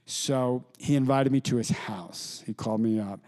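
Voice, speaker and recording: A man's voice: mid-range voice, a little mellow. Middle-aged man telling stories to an audience. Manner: anecdotal, with halting restarts and quoted voices. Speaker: author. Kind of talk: storytelling talk to an audience. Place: lecture hall with audience.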